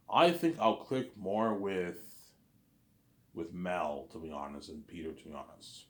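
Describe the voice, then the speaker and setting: A man's voice: low voice, a little slow. A man rambling on in a casual monologue, repeating and restarting his phrases. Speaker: vlogger. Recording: echoey room.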